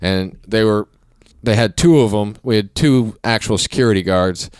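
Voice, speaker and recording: A man's voice: on the low side, normal speed, smooth, dry recording, clean studio sound. A man hosting a podcast, telling long, laid-back stories in casual chat. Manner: laid-back, rambling anecdotes.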